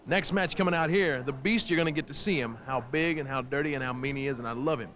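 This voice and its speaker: A man's voice: medium pitch, fast talker, a bit bright, a little hiss or hum. A man doing brash, taunting color commentary for a wrestling show, boasting and mocking the wrestlers.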